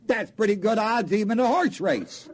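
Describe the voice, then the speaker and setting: A man's voice: high voice, expressive, moderate pace. A man preaching a sermon in a folksy, joking way, often quizzing his congregation with questions.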